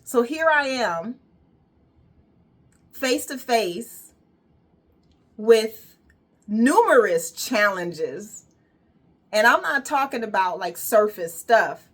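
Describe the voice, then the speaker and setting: A woman's voice: fairly high pitch, lively intonation, drawn-out words, long pauses. A woman wellness coach giving an emphatic, repetitive motivational monologue with casual swearing.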